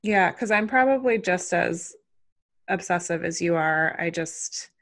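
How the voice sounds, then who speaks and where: A woman's voice: fairly low pitch, animated, measured pace, a bit bright. A woman in her thirties, a mother talking through her parenting worries in a casual, rambling conversation full of fillers and second-guessing. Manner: rambling, self-questioning, many fillers. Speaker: mother and podcast guest.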